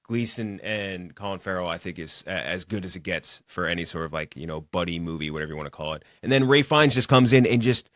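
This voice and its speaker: A man's voice: low-pitched, quick pace, hardly any pauses, a bit bright, dry recording, clean studio sound. A man co-hosting a movie podcast, talking enthusiastically about a favorite film with plenty of swearing. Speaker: podcast co-host. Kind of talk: casual movie chat.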